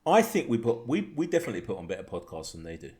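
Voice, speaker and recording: A man hosting a podcast with a fairly low voice, chatting loosely and cracking up often. He swears freely and reads messages aloud in a joking, offhand way. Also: wildly swooping pitch, racing, mellow. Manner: swearing, laughing, reading chat messages aloud. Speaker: podcast host. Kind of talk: casual chat.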